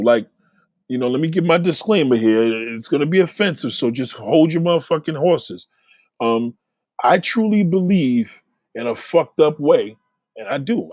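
A man's voice: on the high side, a little mellow, slightly rough, no room sound. A man talking in a blunt, heated rant, swearing often and repeating himself as he presses a point. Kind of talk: casual opinionated rant.

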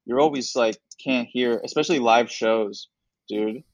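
Animated man telling a story. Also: mid-range voice, measured pace, no echo, lo-fi sound. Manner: animated, acts out other people's lines. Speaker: comedian guest. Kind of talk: casual storytelling chat.

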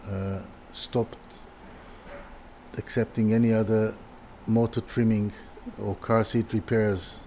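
With a faint hiss in the background, a guest who designs furniture, an older man, tells casual stories about his early days as a designer. He has a lowish, mellow voice and a level tone, and his speech is halting, full of restarts and repeated words.

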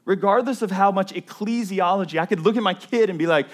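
A young adult pastor preaches a sermon in a high-pitched voice, talking fast with few pauses. He's earnest and conversational, often checking in with the congregation through frequent "right?" asides.

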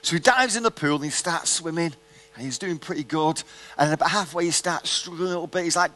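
A man's voice: on the high side, brisk, sharp tone. A man preaching a sermon, telling a personal story and asking the audience rhetorical questions in a conversational way.

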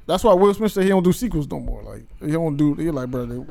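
Fast-talking young man, animated and swearing. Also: on the high side, vocal fry. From Africa. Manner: animated, swearing, repeats "bro". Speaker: podcast co-host. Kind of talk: casual chat.

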